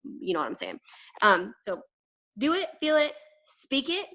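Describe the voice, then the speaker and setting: A young woman giving an energetic, emphatic motivational talk to her sales team, rambling quickly with fillers. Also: high voice. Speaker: direct sales team leader. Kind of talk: casual motivational talk to camera.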